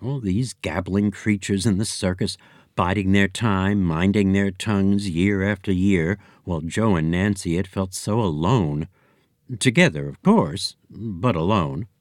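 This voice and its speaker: A man reading a children's story aloud as narrator, with expressive storytelling. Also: low-pitched, a little slow, no room sound, clean studio sound. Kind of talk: audiobook narration.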